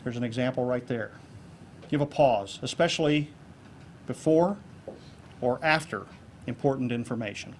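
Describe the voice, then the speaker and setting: A man giving a keynote speech to a club audience on presentation skills, lively and jokey, acting out examples. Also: mid-range voice, moderate pace, pauses often, slight background noise. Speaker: keynote speaker. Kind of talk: public speaking talk on presentation skills. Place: club meeting room with an audience.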